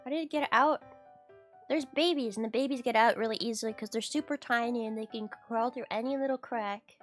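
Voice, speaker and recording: A woman's voice: a little high, fairly quick, soft background music. A woman streamer chatting casually with her viewers, rambling and giggly. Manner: rambling, giggly, talks to chat. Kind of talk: casual livestream chat.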